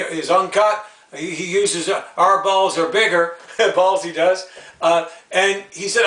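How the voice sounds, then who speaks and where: A blunt, rambling man from Canada rants about sport, circling back and repeating his points with heat. His voice sits a little high for a man. He is a bit off-mic in a roomy, echoey space. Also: fairly bright tone, far from the mic. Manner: blunt, rambling, repetitive, heated. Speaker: YouTube sports commentator. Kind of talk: live unscripted sports rant.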